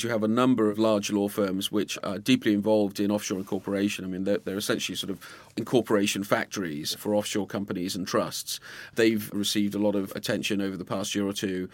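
A man, a journalist, talking in a measured way and often restarting his phrases. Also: on the low side, fairly even intonation, dry recording. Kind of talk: casual discussion.

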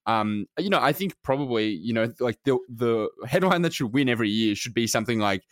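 A man's voice: medium pitch, animated, a little fast, no room sound, studio quality. A man, co-hosting a podcast in casual chat, rambling with many fillers and restarts. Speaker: podcast co-host.

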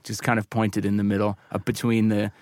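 A man's voice: lowish voice, little pitch movement, fairly quick, a little mellow, no room sound. A man, a recording engineer telling studio stories in a casual interview, with many restarts and asides. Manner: rambling anecdotes with laughs and restarts. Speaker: recording and mixing engineer, guest.

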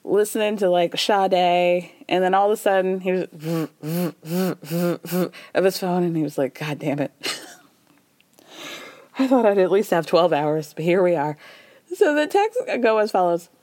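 A woman's voice: fairly low pitch, expressive, normal speed, a little mellow, no echo, clean studio sound. A woman hosting a podcast, giving a chatty, sarcastic recap of a reality show and acting out the cast's lines in playful voices. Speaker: podcast host.

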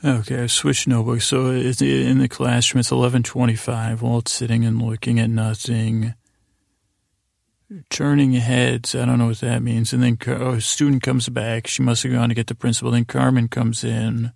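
A man's voice: mid-range voice, monotone, moderate pace, vocal fry, darkish tone, no echo, studio quality. A man hosting a sleep podcast, retelling a story in a meandering, casual way with asides and self-corrections. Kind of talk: rambling bedtime story recap.

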